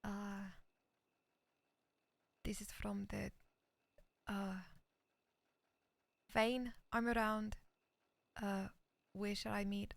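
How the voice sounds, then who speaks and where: A woman's voice: mid-range voice, little pitch movement, extremely slow, gravelly, pauses often, dry recording. A woman roleplaying a character, hesitantly reading messages aloud and often slipping into a whisper. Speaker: roleplay streamer. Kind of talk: in-character western roleplay chat.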